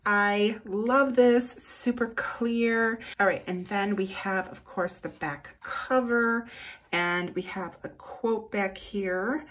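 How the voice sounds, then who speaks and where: Slow, gushing woman unboxing planners. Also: mid-range voice, a bit bright. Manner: gushing, effusive, slow and lingering on praise. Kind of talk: casual unboxing chat. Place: indoors at a desk.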